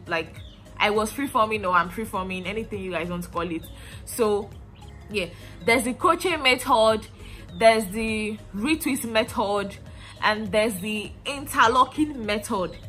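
Bright-voiced young Nigerian woman vlogging. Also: mid-range voice. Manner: chatty, rambling, many fillers and restarts. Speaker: hair vlogger. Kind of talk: casual chat to camera.

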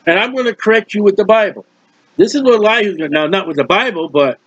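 Here a male preacher's high, expressive, fast voice comes across a bit bright and husky as he teaches Scripture with emphatic, conversational repetition and folksy side remarks. There's no room sound, and the lo-fi recording is dull and dry.

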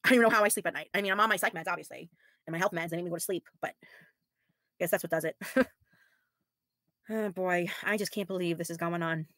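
A woman's voice: fairly low pitch, steady tone, brisk, long pauses, a bit bright, dry recording, studio quality. A woman in her thirties streaming live, sounding tired and weary, talking frankly with sighs while reading out viewer comments in casual chat. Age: 30s. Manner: frank, blunt, sighing, with mild swearing. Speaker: livestreamer.

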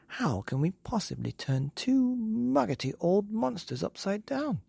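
A fussy, doubting storybook bird with a raised, gravelly voice, as a man puts it on. It presses impatiently for answers, husky and dry. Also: high-pitched, big pitch swings, a little slow, a little mellow, no echo, voice pushed up, exaggerated voice. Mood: skeptical. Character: skeptical roly-poly bird.

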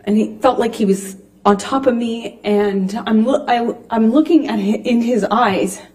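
A woman giving courtroom testimony, speaking haltingly with frequent restarts and pauses. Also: fairly high pitch, darkish tone. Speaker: witness.

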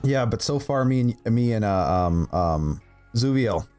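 A little slow and dark-toned, his mid-range voice stays lively as he explains his setup ahead of a tabletop game. The talk is rambling and full of laughs and restarts, heard through desktop voice chat with faint music.

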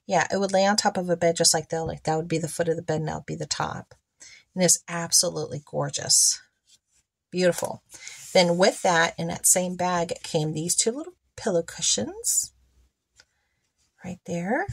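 A woman's voice: mid-range voice, slightly rough, dry recording. A woman chatting casually as she unboxes and admires dollhouse miniatures, often asking viewers to look.

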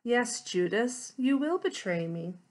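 A woman voicing a kind, sorrowful male teacher from a children's storybook, speaking slowly and quietly in a fairly high, soft voice. He is gentle and unhurried. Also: expressive, heavily acted.

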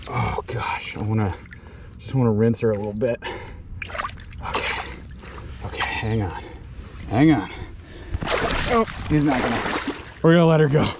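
A man vlogging from a lake shore while fishing, talking to viewers in bursts of loud exclamations and laughter. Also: mid-range voice, measured pace, long pauses, very noisy. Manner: breathless, exclaims loudly, laughs and talks to viewers. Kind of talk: excited on-the-water fishing vlog. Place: outdoors by a small lake.

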